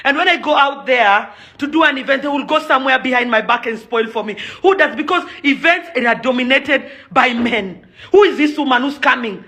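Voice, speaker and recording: A woman's voice: high-pitched, expressive, fairly quick, bright, forceful tone. A young Kenyan woman delivering an angry, impassioned rant to camera, accusing and pleading by turns, slipping Swahili phrases into her English. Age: young adult. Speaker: events promoter and celebrity.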